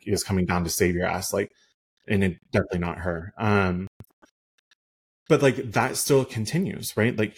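A realtor tells a story on a podcast, rambling in a heated, indignant way and filling it with lots of "like" and "um." His voice is low, a little mellow, with a breathy edge.

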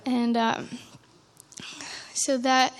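A young woman telling an emotional church testimony, earnest and halting, with frequent restarts. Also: a little high, little pitch movement, clean tone. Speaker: testimony speaker.

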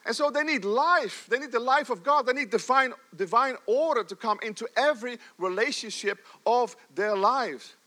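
A middle-aged man preaching a sermon in a church, animated, swinging between loud emphasis and soft, low asides. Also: normal speed, few pauses. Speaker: pastor.

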